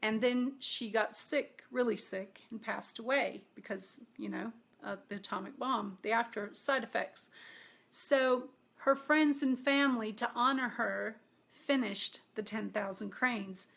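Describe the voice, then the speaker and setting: A middle-aged woman, a healer, telling a personal story casually and acting out the dialogue with lively quotes. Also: a little high, measured pace, vocal fry, breathy edge. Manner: animated, acts out quoted dialogue. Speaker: intuitive healer.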